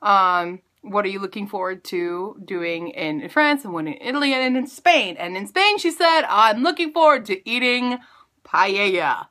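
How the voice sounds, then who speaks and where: A woman vlogger in her late twenties or thirties, telling a story in a casual, animated, self-mocking way, her pitch jumping up for emphasis. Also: moderate pace.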